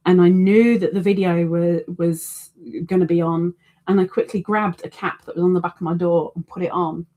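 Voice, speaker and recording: A woman's voice: fairly low pitch, darkish tone. A middle-aged woman hosting a crochet live stream, chatting casually and self-deprecatingly, reading out viewer comments.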